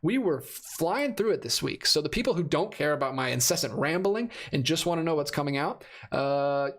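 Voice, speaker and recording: A man in his thirties with a fairly high, slightly bright voice speaks animatedly at normal speed. Hosting a casual live stream about movie releases, he rambles, corrects himself, and laughs often while reading chat comments, his voice a little worn because he's losing it.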